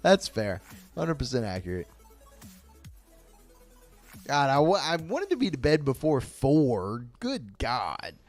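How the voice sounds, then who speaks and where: A man streaming a card game live, reacting loudly to each play, swearing freely and talking to his chat. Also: medium pitch, slow pace, pauses often, soft background music. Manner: excitable, swears a lot, talks to chat. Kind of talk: live-stream gameplay commentary.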